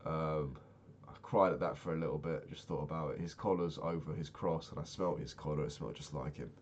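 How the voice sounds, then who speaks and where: A young man chatting casually while playing a game, rambling and swearing, sounding low and sad. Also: fairly even intonation, fairly quick, darkish tone, slight background noise. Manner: swears often, rambling and candid. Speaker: Minecraft vlogger.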